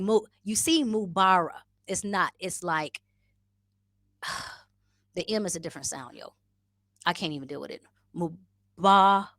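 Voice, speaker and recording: A woman's voice: lowish voice, fairly bright tone, no echo, studio quality. A woman vlogging in a casual, playful way, talking to her viewers and trying out new words. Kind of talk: casual vlog chat. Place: living abroad in East Africa.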